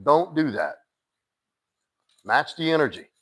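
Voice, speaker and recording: A man's voice: on the high side, very animated, slow pace, fairly bright tone, husky, low-quality recording. A man giving blunt dating advice on a live stream, talking straight to one listener and cursing casually. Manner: blunt, direct, curses casually; addresses a listener by name, firm and insistent. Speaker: dating coach.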